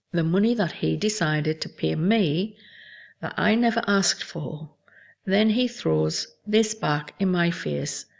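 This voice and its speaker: A woman hosting a show, reading aloud from her memoir in a measured, somber way. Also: low voice, vocal fry, breathy edge. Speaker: host.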